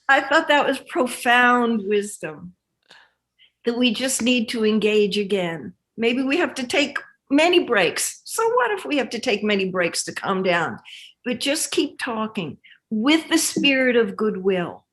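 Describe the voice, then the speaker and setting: A woman guest in an interview, a relationship teacher speaking in a measured, reflective, earnest way. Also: medium pitch, lively intonation, a bit bright. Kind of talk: interview conversation.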